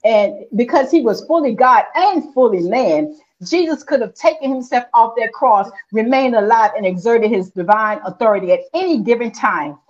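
A woman preaches a sermon, building her points through rhythmic repetition and rising emphatic calls. Her voice sits a little high. The recording is muffled and lo-fi. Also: lively intonation, normal speed.

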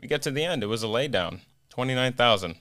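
A man who is a podcast guest, telling work stories in an animated, casual way, freely swearing and acting out what others said. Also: mid-range voice, quick pace. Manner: animated, acts out quoted voices. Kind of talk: casual storytelling.

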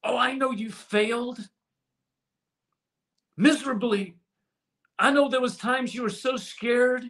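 A man preaching a sermon with passion, swinging from loud to hushed and repeating words as he restarts phrases. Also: very high voice, takes it slowly. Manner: impassioned preaching with sudden swings from loud to soft. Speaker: pastor.

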